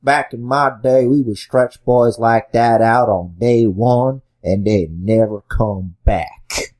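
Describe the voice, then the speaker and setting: A man's voice: medium pitch, steady tone, slow pace, darkish tone, voice pushed down, lightly acted. A man doing a crusty old-timer wrestling commentator. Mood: boastful. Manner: folksy drawling old-timer talk. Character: grizzled old male ex-wrestler commentator, crude.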